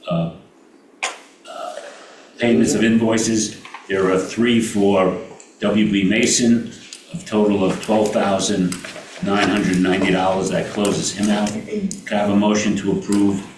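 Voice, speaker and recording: Brooklyn guy chairing a meeting, lowish voice, halting w lots of uhs, echoey room heard from far off w noise. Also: fairly even intonation. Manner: halting, many uh fillers, reads figures aloud. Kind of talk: meeting business.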